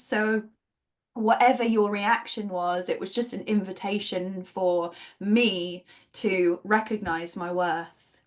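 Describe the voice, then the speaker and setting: A woman's voice: medium pitch, steady tone, slow. A woman hosting a podcast, openly telling stories from her own work and laughing easily. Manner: open, storytelling, laughs easily. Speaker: podcast host, yoga teacher. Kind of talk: casual podcast conversation.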